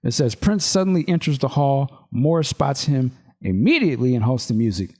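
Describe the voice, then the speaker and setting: A man hosting a podcast, chatting loosely and reading a film script aloud with quick acted lines. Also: medium pitch, big pitch swings, a little mellow. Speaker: podcast host.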